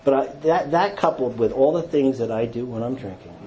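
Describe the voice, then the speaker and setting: A man's voice: lively intonation, a little fast, slight background noise, low-quality recording. Self-mocking man telling his recovery story. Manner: storytelling, acts out quotes, self-mocking humor, trails to low quiet tones. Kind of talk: personal testimony talk to an audience.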